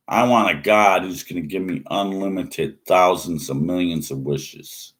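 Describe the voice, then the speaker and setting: A man's voice: deep voice, measured pace, few pauses. A man ranting scornfully in a monologue, mocking and repeating himself. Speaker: atheist vlogger.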